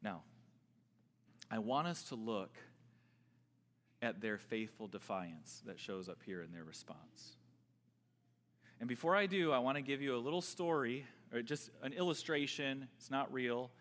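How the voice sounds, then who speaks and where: Animated preacher man in a reverberant hall. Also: medium pitch, unhurried, long pauses. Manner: animated, swinging between loud emphasis and quiet asides; earnest, repeats words while building a point. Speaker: pastor. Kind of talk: sermon. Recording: long reverb from a large hall.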